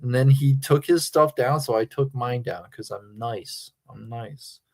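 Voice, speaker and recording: A man hosts a live stream and rambles casually to his chat. He giggles often and swears freely, mocking his rivals. His voice sits at an ordinary, middling pitch. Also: measured pace, gravelly, darkish tone. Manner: giggly, profane, mocking banter. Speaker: livestream host.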